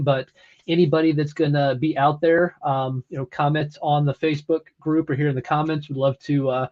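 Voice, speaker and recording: Male co-host, slightly high voice, laid-back chat, muffled lo-fi sound. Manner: relaxed, hesitant fillers. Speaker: podcast co-host. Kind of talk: casual chat. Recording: dull lo-fi audio.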